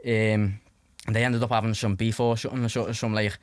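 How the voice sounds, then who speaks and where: A man's voice: lowish voice, level tone, fast, no room sound. Rambling young Scouse man. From Liverpool, England. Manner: rambling, lots of "like" fillers and swearing. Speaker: podcast guest. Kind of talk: casual anecdotal storytelling.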